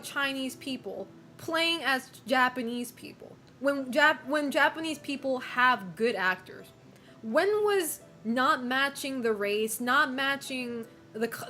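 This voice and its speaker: A woman's voice: high-pitched, bright, forceful tone. A woman streamer chatting casually with viewers, opinionated, swearing and laughing often.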